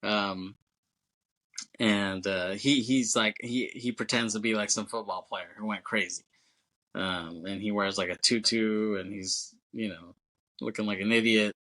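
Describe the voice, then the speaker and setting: A man's voice: on the low side, steady tone, a little slow, sharp tone, poor audio. A male podcast co-host recapping a movie in loose, casual chat, full of fillers, swearing and chuckles.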